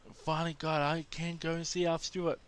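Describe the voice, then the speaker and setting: A man's voice: on the high side, level tone, quick pace, a bit bright, clear, resonant tone, pitched above the performer's own voice, close to an everyday voice. A man putting on an eager, starstruck American tourist. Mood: excited.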